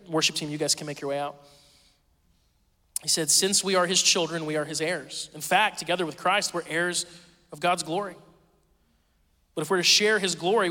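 A man's voice: a little high, sharp tone. A man in his thirties preaching a sermon as pastor, talking conversationally with lots of fillers and stories. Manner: conversational, chatty storytelling with many fillers. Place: church hall. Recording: reverberant church hall.

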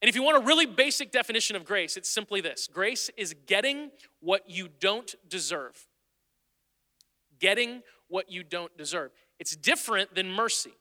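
A man's voice: sits high, expressive, normal speed, pushed and bright, big-room sound. A male pastor preaching a sermon in a church, in an earnest, conversational way that repeats phrases for emphasis. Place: church sanctuary.

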